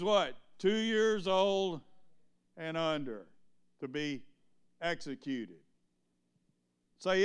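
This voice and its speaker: A man preaching a sermon. His voice sits a little high and comes through clear and resonant. He keeps pressing the congregation with questions and calls for them to answer back. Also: a bit bright. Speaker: pastor.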